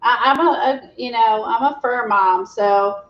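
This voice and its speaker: A woman's voice: fairly high pitch, measured pace, lo-fi sound. A woman hosting a craft livestream, chatting casually, laughing often and reading the live chat.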